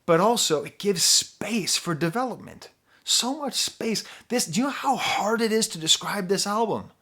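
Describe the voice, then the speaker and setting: A man working as a music critic, talking through an album review in an excitable, rambling way that circles back and repeats itself. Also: sits high, normal speed. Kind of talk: casual album review video.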